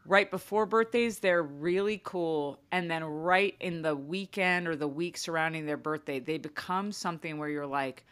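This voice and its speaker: Her voice is low and clean, with a moderate pace and few pauses. She's a podcast co-host in her thirties, animatedly recounting a story in casual talk while performing what her children said.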